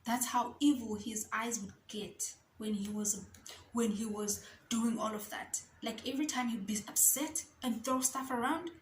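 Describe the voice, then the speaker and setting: Young woman, fairly high voice, telling her own story straight to camera in a roomy space with faint hum. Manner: candid, emotional, acts out remembered dialogue. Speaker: vlogger.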